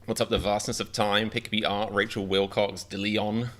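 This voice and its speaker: A man's voice: fairly low pitch, flat delivery, normal speed, fairly bright tone. A man hosting a casual livestream, greeting viewers one by one with wry, self-deprecating humor. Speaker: livestream host reacting to chat.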